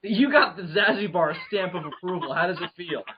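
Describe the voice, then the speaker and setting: A man's voice: sits high, fairly quick, a crowd in the background. A man hosting a casual podcast, rambling through crude jokes and laughing often. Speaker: podcast host. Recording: lo-fi muffled podcast audio.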